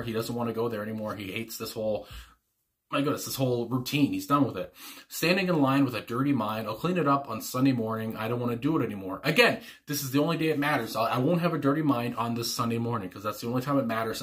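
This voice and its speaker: A man's voice: mid-range voice, pushed and bright. A man talking casually through his reaction to a song, rambling with lots of fillers and frequent chuckles. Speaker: music reaction host.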